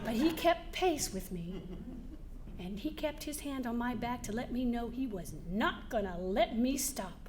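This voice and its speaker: A woman giving a keynote speech to a live audience, telling lively personal stories, laughing now and then and acting out the scenes. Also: fairly high pitch, a little slow, some chatter behind, slight background noise. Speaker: motivational speaker. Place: event hall before a live audience.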